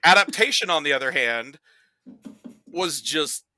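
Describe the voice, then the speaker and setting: A young man in casual podcast chat, telling animated stories and breaking into exaggerated impressions. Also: a little high, measured pace, poor audio. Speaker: podcast guest.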